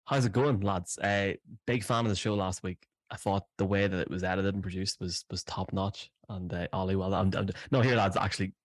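An Irish man, the show's producer, chatting in a deadpan, self-flattering way that is hard to read. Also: sits low, a little fast, few pauses, no room sound. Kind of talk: casual podcast banter.

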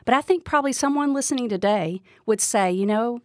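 A woman's voice: on the high side, brisk, a little mellow, no echo, studio quality. A woman giving a devotional Bible teaching, speaking earnestly and asking the listener direct questions.

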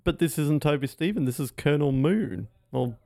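A man's voice: fairly high pitch, lively intonation, moderate pace, gravelly, a little mellow, dry recording. A young man co-hosting a casual movie commentary, skeptical and teasing in how he talks. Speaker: podcast co-host.

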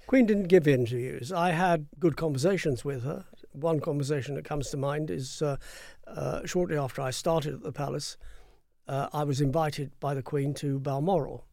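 An older man, a former royal press spokesman, telling anecdotes briskly and acting out the voices he quotes. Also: on the high side, gravelly, darkish tone, no room sound, studio quality. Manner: brisk raconteur who acts out quoted voices. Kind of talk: anecdotal interview storytelling.

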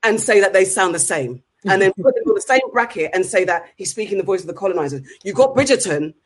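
A man's voice: high voice, lively intonation, fast talker. A man from Britain co-hosting a casual chat, arguing passionately with restarts and rhetorical questions. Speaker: co-host.

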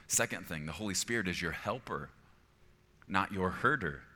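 Deep-voiced pastor preaching in a big hall. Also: male voice, expressive, moderate pace, pushed and bright. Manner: earnest, conversational preaching with frequent "okay?" check-ins. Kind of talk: sermon. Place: church auditorium.

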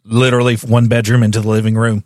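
A man's voice: fairly low pitch, level tone, fast, a little mellow, dry recording, studio quality. A man from the South, co-hosting a podcast in blunt, profane, wisecracking casual chat. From Southern United States. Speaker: podcast co-host.

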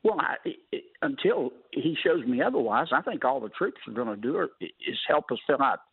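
A man's voice: medium pitch, big pitch swings, a little fast, vocal fry, slightly rough, no echo. Folksy man on a phone line. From Louisiana. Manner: folksy, colorful sayings, wry. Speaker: senator, guest. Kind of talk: talk radio interview.

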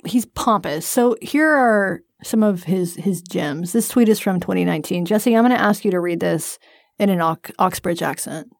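A woman's voice: fairly low pitch, normal speed, vocal fry, no room sound. A woman co-hosting a podcast, telling a story in a dry, joking, casual way. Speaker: podcast co-host.

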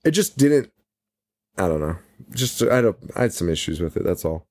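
Male co-host, mellow and dry-miked; loose, profane, laughing movie-chat delivery. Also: sits low, sing-song, normal speed, dry recording. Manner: profane, rambling, laughs often. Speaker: podcast co-host. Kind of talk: casual movie-review chat.

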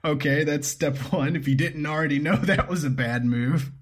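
Casual podcast co-host, man, slightly high voice, laughs a lot between lines. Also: moderate pace, husky. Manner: laughs often, reads out steps. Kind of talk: casual chat.

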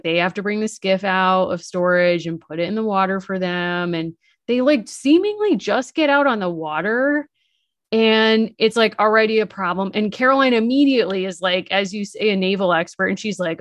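A woman co-hosting a casual book-discussion podcast, animated and acting out characters' lines. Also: medium pitch, brisk, no room sound. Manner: animated, acts out characters' lines with rising excitement. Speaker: podcast co-host.

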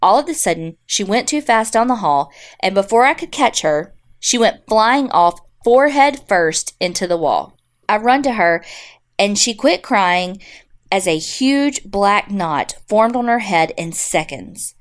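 A woman's voice: medium pitch, animated, a little slow. Wry woman reading listener stories. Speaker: podcast co-host. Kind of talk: casual chat and reading listener stories aloud.

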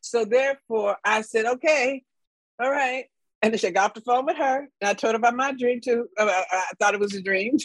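A woman in her sixties from Los Angeles, telling her life story as a podcast guest in a frank, animated way and laughing often. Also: fairly high pitch, brisk, no echo, poor audio. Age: 60s. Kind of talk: candid storytelling.

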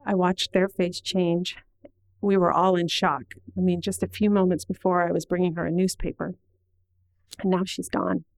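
A middle-aged woman tells an audience a personal story, earnest and measured, slowing at the heavy moments. Her lowish voice is flat and creaky, and the audio is poor, though there's no echo.

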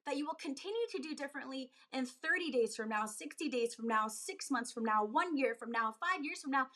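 A woman fitness coach giving an emphatic motivational talk on a live stream, building to urgent, pressing delivery. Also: fairly bright tone. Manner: emphatic, rising to pitched urgency. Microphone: phone on a live video.

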